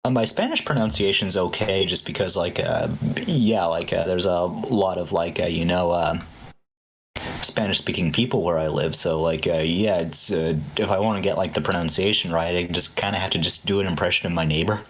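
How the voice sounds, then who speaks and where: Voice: low voice, a little fast, breathy edge. A speaker in casual chat, hesitant, with many filler words.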